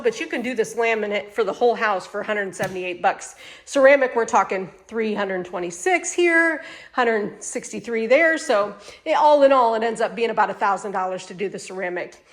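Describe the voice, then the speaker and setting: A woman's voice: on the high side, normal speed. A woman with a Midwestern American accent giving a chatty, enthusiastic walkthrough of a home, indoors. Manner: chatty and enthusiastic, repeats phrases. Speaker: manufactured home sales host. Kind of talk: casual walkthrough home tour.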